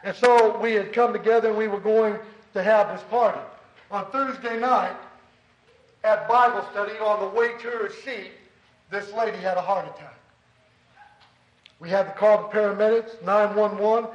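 A man preaching a sermon, telling a story earnestly and dropping to a soft, low voice for emphasis. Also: steady tone, moderate pace, long pauses, echoey room, dull audio.

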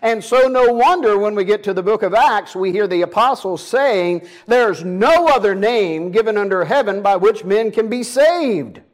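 A man's voice: sits high, lively intonation, moderate pace, hardly any pauses. A man with a Southern US accent preaching a sermon as pastor, folksy and emphatic, with self-deprecating asides.

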